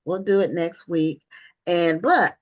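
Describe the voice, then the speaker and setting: A woman hosting an online book talk show, conversational and affirming with her guests. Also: on the low side. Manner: conversational, affirming, with quick asides.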